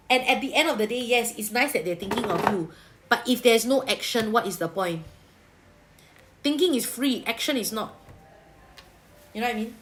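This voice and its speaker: A woman's voice: fairly high pitch, a bit bright, a little hiss or hum. A woman with a Singaporean accent giving a livestream tarot reading, chatty and colloquial, with Singlish particles and big-sister reassurance. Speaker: tarot reader.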